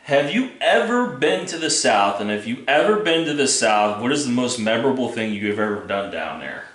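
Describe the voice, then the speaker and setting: A man hosting a casual question-and-answer chat, telling a personal story in a relaxed way and laughing often. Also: mid-range voice, normal speed, reverberant. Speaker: show host reading viewer questions.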